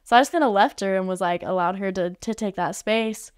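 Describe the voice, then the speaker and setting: A woman's voice: mid-range voice, fairly quick, clear, resonant tone, no room sound, clean studio sound. A woman guest on a podcast, telling a story casually and chattily, with lots of "like" fillers. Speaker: podcast guest, art facilitator. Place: podcast studio.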